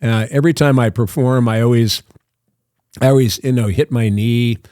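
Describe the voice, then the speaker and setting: A man's voice: mid-range voice, normal speed, a little mellow, dry recording, clean studio sound. An older man, a guest actor in an interview, telling long anecdotes in a loose, self-interrupting way. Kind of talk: casual storytelling interview.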